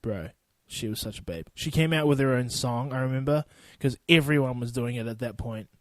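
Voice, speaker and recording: A man's voice: medium pitch, a little fast, no echo. A young man in his twenties with a New Zealand accent, hosting a casual solo podcast in a loose, profane, rambling way. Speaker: podcast host.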